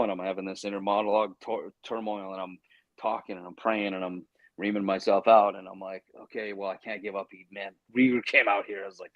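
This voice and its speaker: This low-pitched man talks quickly on an interview show, an actor telling an animated story in which he voices his own inner thoughts. Excitement brings frequent restarts and stammers, and the audio is muffled with no echo.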